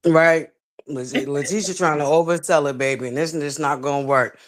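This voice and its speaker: A woman's voice: low-pitched, steady tone, brisk. A woman co-hosting a casual review chat, emphatic and scolding, speaking in Southern slang. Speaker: co-host.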